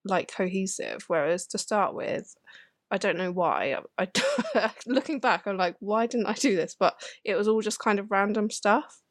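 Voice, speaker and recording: A woman's voice: medium pitch, moderate pace, no room sound, clean studio sound. A woman with a British accent, a guest in a podcast interview, shy and self-deprecating with frequent laughs. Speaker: guest illustrator. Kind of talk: casual interview chat.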